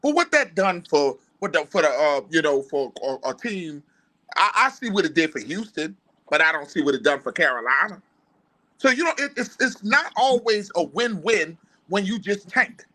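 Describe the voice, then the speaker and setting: Fired-up high-voiced New Orleans man. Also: very animated, moderate pace, bright, forceful tone. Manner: fired-up, argumentative, rhetorical questions. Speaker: podcast co-host analyst. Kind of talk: casual sports podcast talk.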